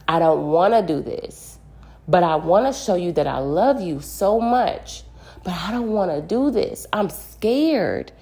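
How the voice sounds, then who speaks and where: A woman's voice: fairly low pitch, expressive, a little slow, warm tone. A woman voicing a scared, pleading young girlfriend. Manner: tearful pleading.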